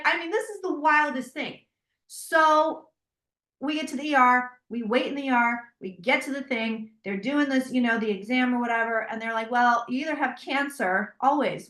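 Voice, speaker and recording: Woman guest, animated storyteller, high voice, echoey room. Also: normal speed. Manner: animated, quotes herself in dialogue. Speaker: guest, psychic tarot reader. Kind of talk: storytelling in a casual interview. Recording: roomy echo.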